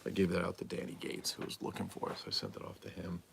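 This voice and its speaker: A man's voice: low-pitched, very animated, quick pace, vocal fry, a little hiss or hum. A man hosting a casual livestream from a collectibles room at home, rambling and answering viewers' comments aloud. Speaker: livestream host and toy collector. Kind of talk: casual live-stream chat.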